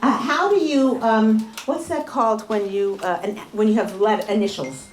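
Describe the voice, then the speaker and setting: A woman leads a live workshop in an echoey room. She talks in a chatty, animated way, laughs a lot and acts out small quarrels. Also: mid-range voice, moderate pace. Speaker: relationship workshop speaker. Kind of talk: live workshop talk to an audience.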